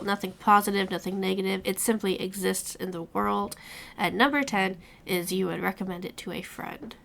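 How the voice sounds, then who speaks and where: Woman, book club host, relaxed casual chat, gravelly vocal fry, faint hiss behind. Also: medium pitch. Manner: relaxed, explaining the rules.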